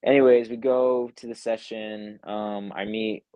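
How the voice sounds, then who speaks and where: A man's voice: lowish voice, a little slow, clear, resonant tone, dry recording, highs cut off. A young man, a music producer, casually telling a story in an online interview and acting out what others said, with lots of "like". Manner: animated retelling, acts out quotes, says "like" often. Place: home, online live interview. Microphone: video call.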